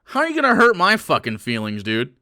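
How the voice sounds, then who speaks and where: A man's voice: a little high, huge pitch swings, fairly quick, pushed and bright, no echo, studio quality. A man livestreaming, ranting casually to his chat in a crude, mocking and combative way with sarcastic asides.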